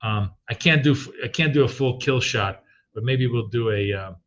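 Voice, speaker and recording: A man's voice: medium pitch, moderate pace, lo-fi sound. A middle-aged man hosting a live trading stream, chatting casually and rambling with many ums and restarts.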